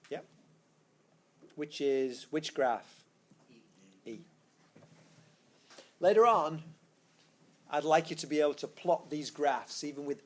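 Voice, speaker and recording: A man teaching a physics class, explaining step by step in a classroom and correcting himself as he goes. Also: a little high. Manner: explanatory, thinks aloud, self-correcting. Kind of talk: classroom lecture. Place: classroom with students. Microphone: tablet screencast mic.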